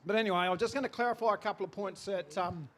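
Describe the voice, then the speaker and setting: Hesitant older man, high voice. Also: quick pace, slight background noise. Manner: hesitant, many ums, wry understatement. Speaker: family member giving a tribute. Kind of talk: memorial tribute with dry humour. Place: church memorial service.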